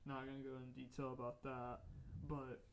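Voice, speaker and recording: Gravelly young man telling a ghost story. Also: medium pitch, normal speed, noisy background. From North Carolina, US. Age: young adult. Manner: rambling, animated storyteller with restarts. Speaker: podcast co-host. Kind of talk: casual chat, storytelling.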